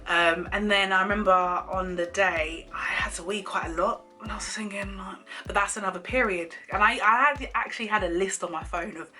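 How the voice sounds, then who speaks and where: A young woman with a bright, forward voice tells a personal story straight to camera. She is animated, laughs often and acts out what people said, with faint music behind her. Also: mid-range voice, brisk, hardly any pauses. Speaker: vlogger. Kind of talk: casual storytime chat.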